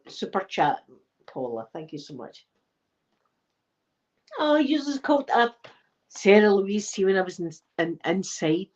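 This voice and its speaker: A Scottish woman in her forties hosts an ASMR livestream, chatting casually and spinning rambling, animated stories peppered with the odd swear word. Her voice sits at a medium pitch, and the sound is lo-fi.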